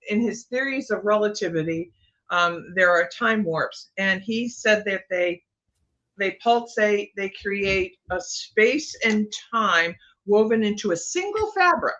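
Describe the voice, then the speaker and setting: Bright-voiced woman telling a ghost story. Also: mid-range voice, poor audio. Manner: meandering, with many fillers and restarts. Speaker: psychic guest. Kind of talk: casual storytelling on a livestream.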